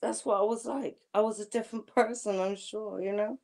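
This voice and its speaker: A woman's voice: mid-range voice, steady tone, brisk, creaky, a little mellow. A woman, a guest telling a personal story candidly in casual chat. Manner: candid storytelling with frequent laughs.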